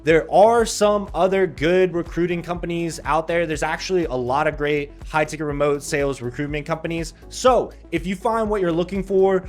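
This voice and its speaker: A man hosting a sales-career video, pitching directly to viewers in an upbeat, salesy way with sarcastic asides. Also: moderate pace, hardly any pauses, faint music behind. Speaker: sales recruiter and channel host.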